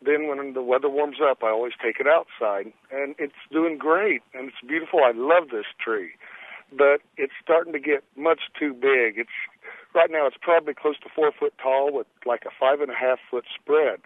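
A man's voice: mid-range voice, normal speed, dry recording. A man calling in to a radio show with an earnest, rambling question, full of restarts. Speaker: caller. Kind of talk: phone-in question. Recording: tinny phone line.

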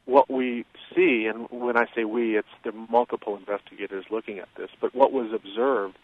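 Male expert guest, measured and explanatory, heard over a dry, phone-like line. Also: medium pitch, fairly even intonation, no room sound. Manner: measured, explanatory, many fillers. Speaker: guest expert on childhood trauma. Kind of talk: interview explanation. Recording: tinny phone-line sound.

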